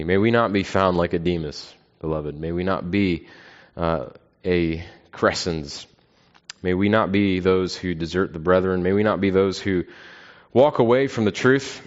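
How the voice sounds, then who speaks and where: A man preaching an earnest, measured sermon, often pausing with fillers. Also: deep voice. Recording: dull, lo-fi sound.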